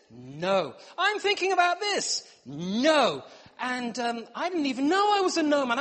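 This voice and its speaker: A man's voice: high voice, a bit bright. A middle-aged man preaching a humorous sermon, playful and self-mocking, acting out bits of dialogue. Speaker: pastor. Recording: long hall reverb.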